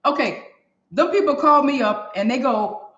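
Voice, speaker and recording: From her echoey home kitchen, a woman hosts a live cooking demo, chatting directly to her audience and laughing frequently. Her high-pitched voice is a bit bright, with lively intonation and normal speed. The audio is dull and lo-fi.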